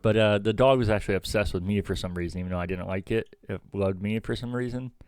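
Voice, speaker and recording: Man, podcast co-host, dry teasing wit, low smooth voice, close dry mic. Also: fast talker, darkish tone, dry recording. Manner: dry, teasing one-liners. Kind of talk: casual chat.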